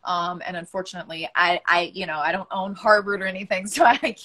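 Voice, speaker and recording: A woman's voice: on the low side, a little fast, sharp tone. Earnest woman telling a personal story. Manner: earnest, storytelling, acts out quoted voices. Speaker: guest, actress and mental health advocate. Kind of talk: candid emotional conversation.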